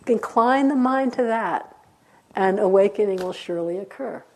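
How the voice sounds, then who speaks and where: A calm, kind old teacher, told by a woman. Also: medium pitch, normal speed, natural voice, rough recording. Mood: encouraging. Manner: gentle and reassuring.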